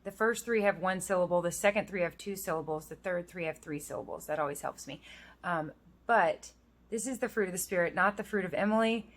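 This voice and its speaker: A woman in her thirties talks straight to her viewers in a casual vlog. Her voice sits a little low, and she turns reflective and earnest as she reads verses aloud. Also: a little fast. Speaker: vlogger. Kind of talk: casual personal vlog with scripture reading. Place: outdoors in the rain.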